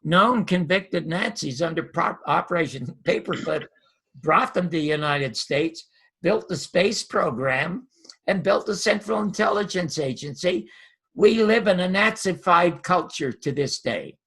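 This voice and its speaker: Gravelly older male storyteller. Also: high-pitched, unhurried. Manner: lively anecdotal storyteller, acts out dialogue. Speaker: guest, former TV host and comedian. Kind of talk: animated storytelling interview.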